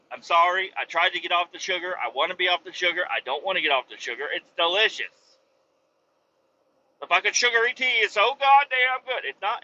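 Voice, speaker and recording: Podcast host: young adult man, piercingly bright, fairly high voice, profane animated rant; slightly dull recording with faint ambience. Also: a little hiss or hum. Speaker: podcast host, truck driver. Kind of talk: casual solo podcast rant.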